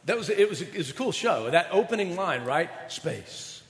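A male pastor preaching a chatty, animated sermon, often asking his audience questions. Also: high-pitched, a little fast, long reverb tail.

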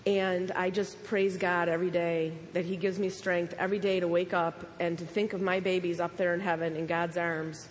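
A woman's voice: lowish voice, level tone, normal speed, hardly any pauses, in a large hall, a little hiss or hum. Earnest young woman giving testimony. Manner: earnest, emotional. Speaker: church member sharing testimony. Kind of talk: personal testimony.

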